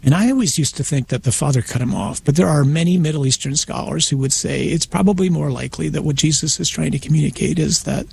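Man, priest guest, conversational storytelling, slightly high voice, faint background noise. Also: quick pace, vocal fry, few pauses, darkish tone. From United States. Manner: conversational, acts out voices in his retelling, frequent restarts. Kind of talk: animated storytelling on a radio interview.

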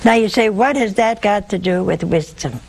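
A woman's voice: medium pitch, normal speed, vocal fry, very noisy. A woman with a sore throat telling an audience the story of a saint, breaking in with homely, humorous asides. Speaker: religious storyteller.

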